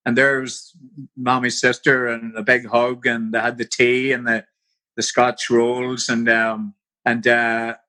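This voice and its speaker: A man's voice: medium pitch, monotone, a little slow, bright, forceful tone. A man in his sixties with a Northern Irish accent, a podcast guest telling vivid anecdotes in a casual interview. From Belfast.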